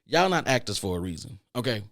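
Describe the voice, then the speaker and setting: A man hosting a solo podcast, ranting in an animated way, repeating his points for emphasis and swearing freely. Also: fast talker. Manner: animated ranting with mocking falsetto impressions. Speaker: podcast host.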